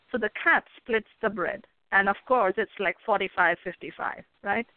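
A woman's voice: a little high, brisk. Woman, earnest, advising, folksy storyteller, phone-quality audio. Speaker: guest, author and hypnotherapist coach. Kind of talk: casual interview talk. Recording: phone line with faint noise.

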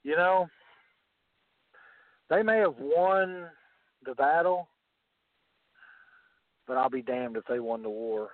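A man's voice: a little high, expressive, slow, pauses often, dry recording. Southern man, wrestling commissioner, menacing braggart; phone-quality, dry sound. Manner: boastful, menacing. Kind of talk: wrestling promo trash talk. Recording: tinny phone line, dry.

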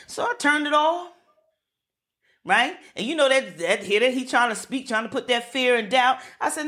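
A woman preaching a sermon to an online group, animated and laughing often, calling for responses from her listeners. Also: high voice, normal speed.

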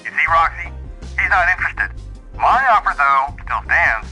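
A man's voice: fairly high pitch, expressive, normal speed, bright, forceful tone, faint music behind, pitched above the performer's own voice, poor audio. A man voicing a nervous, fawning fat male casino cashier who speaks stiffly and formally. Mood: sneering. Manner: stiff, overly formal, calls everyone sir. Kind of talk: audiobook character voice.

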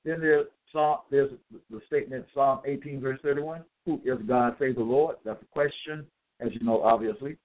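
A man delivering a scripture-citing monologue, reading out verse references and pausing to ask "okay?" as he goes. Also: medium pitch, fairly even intonation. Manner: deliberate, checks in with "okay?"; spells out capitals, hesitant fillers. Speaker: self-styled religious teacher. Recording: tinny phone-like audio.

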